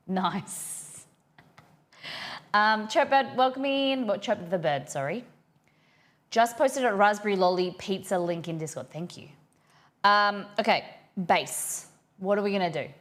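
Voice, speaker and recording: A woman's voice: medium pitch, lively intonation, a little slow, long pauses, fairly bright tone. A young woman hosting a cooking livestream, chatting casually and rambling as she reads her viewers' messages aloud.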